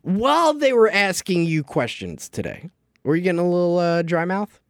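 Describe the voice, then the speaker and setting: A man co-hosting a casual after-show in a radio studio, joking and teasing in a relaxed chat. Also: sits high, normal speed, no echo. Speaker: show producer and after-show host.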